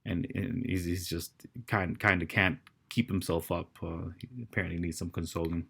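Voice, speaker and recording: A man narrating as dungeon master, halting and restarting as he describes the scene. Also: sits low, steady tone, creaky, a bit bright, breathy edge. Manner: halting, many fillers and restarts. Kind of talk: narrating a tabletop game.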